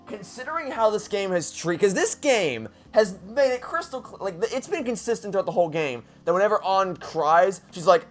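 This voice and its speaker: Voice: medium pitch, big pitch swings, moderate pace, faint music behind. A let's play gamer giving emotional commentary, stammering often, getting exasperated and swearing.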